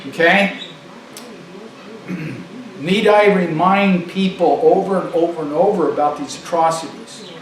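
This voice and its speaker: High-voiced man ranting in an echoey room. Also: measured pace, pauses often. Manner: emphatic, repeats phrases for stress. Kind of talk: political monologue. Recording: echoey room, distant mic, faint noise.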